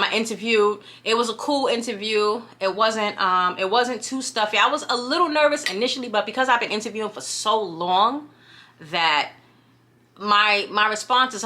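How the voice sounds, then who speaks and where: A woman's voice: medium pitch, pushed and bright. A young woman from New York with a New York accent, chatting casually and animatedly to her camera, often dropping "you know what I'm saying". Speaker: vlogger.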